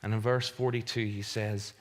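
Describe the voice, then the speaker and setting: A pastor preaching a sermon in an earnest, emphatic way, repeating key phrases for weight. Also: male voice, on the low side, little pitch movement, normal speed.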